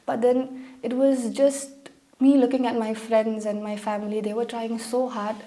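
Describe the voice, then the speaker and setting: A young woman from Meghalaya, India, talking as an interview guest about her own life. Her voice sits a little high but sounds dark and mellow, and she tells her stories with feeling, acting out the lines people said. The talk is loose and conversational. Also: normal speed. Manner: emotional, animated storytelling with acted-out quotes. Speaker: guest, pageant contestant. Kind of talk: conversational interview, personal storytelling.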